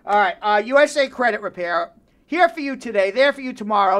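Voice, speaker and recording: Animated man hosting a radio show. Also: sits high, brisk. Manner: animated, joking, repeats phone numbers. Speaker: radio talk show host. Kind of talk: live radio show ad read.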